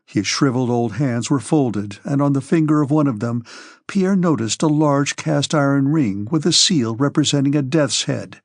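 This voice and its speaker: A man narrating a classic novel as an audiobook, in a measured, even storytelling manner, close to the mic. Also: mid-range voice, no echo.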